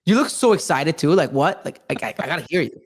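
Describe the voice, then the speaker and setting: A man's voice: on the high side, lively intonation, fast. A man hosting a casual livestream, talking in a loose, slangy way with lots of fillers. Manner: loose, slangy, restless talk with many fillers. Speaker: host.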